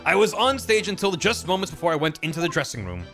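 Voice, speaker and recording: A man's voice: a little high, big pitch swings, fast, a bit bright, soft background music. A man reading as a gloomy, defeated comedian. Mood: mopey.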